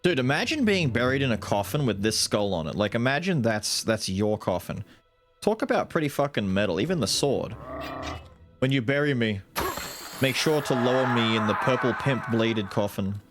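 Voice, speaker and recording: A man's voice: medium pitch, lively intonation, normal speed. A man streaming a video game, giving casual commentary with crude, joking asides. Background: loud game music.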